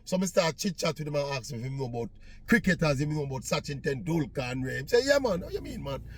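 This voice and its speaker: A man's voice: fairly high pitch, fast talker, slight background noise. A man from Jamaica with a Jamaican accent, chatting in patois as he tells a casual story. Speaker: vlogger.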